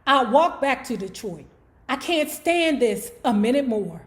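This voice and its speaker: A woman voicing a stubborn young man who refuses to go through with a wedding, in a flat, withdrawn voice. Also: sits high, a little slow. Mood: exasperated.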